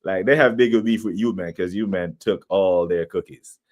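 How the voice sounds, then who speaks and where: A young man hosting a casual football livestream, opinionated and animated, reacting to chat. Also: low voice, moderate pace. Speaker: football podcast host.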